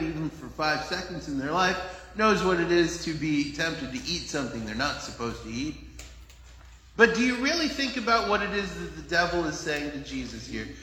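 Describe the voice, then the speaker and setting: Bright-voiced man preaching in an echoey hall. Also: on the high side, slight background noise. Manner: conversational, humorous storytelling, acts out quotes. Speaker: pastor. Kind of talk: sermon.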